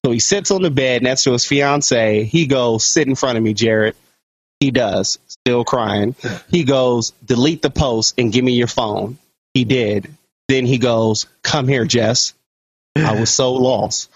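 A man co-hosting a podcast, telling a story in an animated, profane way and jumping into higher voices for the people he quotes. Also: a little slow, husky, dry recording. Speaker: podcast co-host. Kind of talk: comic storytelling. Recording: dull, dry lo-fi sound.

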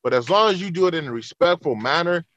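A man's voice: a little high, expressive, fast talker, a bit bright, no room sound, dull audio. Man telling a story full of swearing. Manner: swears freely, tells stories with acted-out quotes. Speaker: podcast guest. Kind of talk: casual podcast chat.

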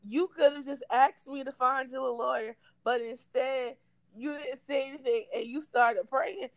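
A woman's voice: high-pitched, steady tone, moderate pace, no echo, rough recording. A woman quoting an exasperated man lecturing the mother of his child. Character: exasperated middle-aged man.

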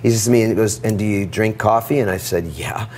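A middle-aged man telling a personal story in an interview, animated and acting out the dialogue. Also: fairly low pitch, quick pace, slightly rough. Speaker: guest.

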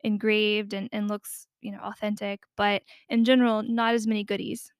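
A woman co-hosting a podcast, talking through a game's history in a thoughtful, scholarly way with quick asides. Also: medium pitch, level tone, clean tone, no room sound, clean studio sound. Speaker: podcast co-host. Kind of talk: casual discussion.

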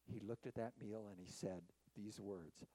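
A man preaching a sermon as a pastor, slow and emphatic, leading the congregation in reading scripture. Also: husky, no echo, low-quality recording. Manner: slow, emphatic preaching with lively rising and falling pitch.

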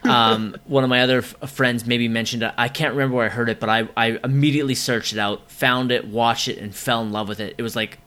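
This is a man with a bright, forceful voice, co-hosting a casual movie podcast. He talks excitedly and swears freely, with plenty of ums. His voice sits at an ordinary middle pitch. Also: brisk, few pauses. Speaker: podcast co-host.

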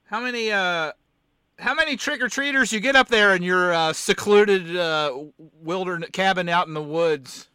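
A man's voice: sits high, moderate pace, bright, forceful tone, smooth, no echo. A man hosting a casual sports chat, rambling and often sidetracked, with a sore, cough-prone throat. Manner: rambling, keeps getting sidetracked. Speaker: podcast host.

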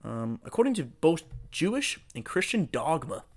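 A man hosting a solo podcast, talking in a rambling, profane, excitable way. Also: fairly high pitch, normal speed. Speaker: podcast host.

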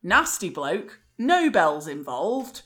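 A woman's voice: lowish voice, sing-song, slow, fairly bright tone. A woman in casual chat, telling a story in a wry way and laughing often.

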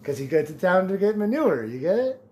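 A man's voice: high voice, sing-song, a little fast, darkish tone, a little hiss or hum. A man in his late twenties hosting a casual solo podcast, telling jokes and laughing at his own punchlines. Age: 20s. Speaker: podcast host.

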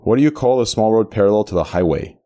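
A man's voice: on the low side, expressive, fast, mellow. Incredulous cursing guy reading a quiz. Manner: incredulous, profane, reads quiz questions aloud. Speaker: podcast co-host. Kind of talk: casual group chat.

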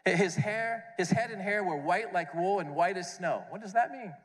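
A man preaching a conference sermon, animated, acting out questions and answers and repeating words as he goes. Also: high voice, normal speed. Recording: long hall reverb.

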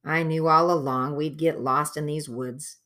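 A woman's voice: low-pitched, fairly even intonation, a little slow, a bit bright. A woman voicing a fretful, complaining teenage girl in an audiobook. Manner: nagging, fretful. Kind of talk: audiobook character voice.

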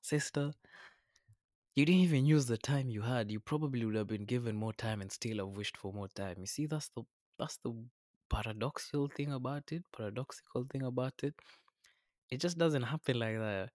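A man's voice: medium pitch, brisk, a little mellow, dry recording, clean studio sound. A man hosting a podcast, talking earnestly and a little preachily, often calling the listener man or brother. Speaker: podcast host. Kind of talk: reflective podcast monologue. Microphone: podcast microphone.

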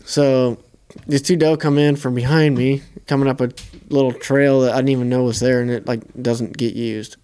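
A young man, co-host of a podcast, casually telling a hunting story in a relaxed, profane way. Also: mid-range voice, moderate pace, few pauses, clear, resonant tone.

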